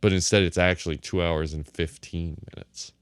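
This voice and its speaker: A man's voice: sits low, steady tone, moderate pace, clear, resonant tone, no room sound. A man co-hosting a podcast, criticizing a film in casual chat with a dry, sardonic tone. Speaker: podcast co-host.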